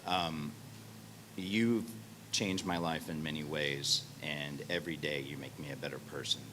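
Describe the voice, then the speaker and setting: A man giving a halting blessing with ums and pauses while fighting back tears. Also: rumbling low, fairly even intonation, bright, forceful tone, slight background noise. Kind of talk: off-the-cuff speech.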